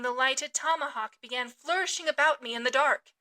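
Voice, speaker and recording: A woman podcast host reading a classic novel aloud with expressive, dramatic delivery. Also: high voice, moderate pace.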